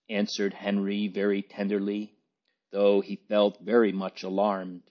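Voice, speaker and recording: A man reading a story aloud in a slow, gentle narrating voice. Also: fairly low pitch, monotone, lo-fi sound. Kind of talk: scripted narration.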